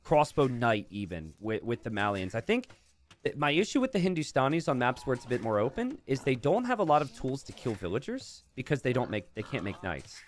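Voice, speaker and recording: A young man calls a strategy game match as its commentator. He talks in a lively, chatty way and laughs easily, and his pitch moves up and down a lot. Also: brisk. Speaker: esports caster.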